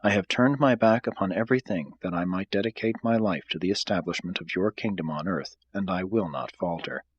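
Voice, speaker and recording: A fiery, devoted male follower pledges himself with earnest resolve, as a man reading aloud puts him on. His voice is low and a bit husky, and the sound is dry and close. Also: fairly quick, hardly any pauses, dry recording, dull audio. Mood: earnest resolute.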